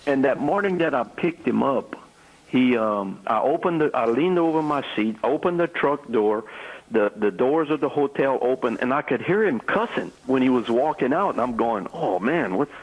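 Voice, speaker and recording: Older man telling stories, halting. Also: medium pitch, expressive, lo-fi sound. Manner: halting, repeats words while recounting stories. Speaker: former ballplayer guest. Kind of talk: storytelling interview.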